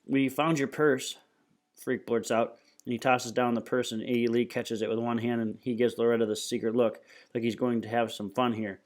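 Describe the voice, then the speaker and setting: A man reading a novel aloud in plain, steady storytelling. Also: mid-range voice, fairly quick, few pauses. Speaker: reader.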